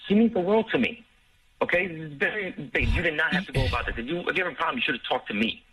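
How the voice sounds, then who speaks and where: A man's voice: a little high, expressive, rapid-fire, recorded from a distance, crowd noise. A man on a phone call, defensive and stammering, pleading his case. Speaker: caller.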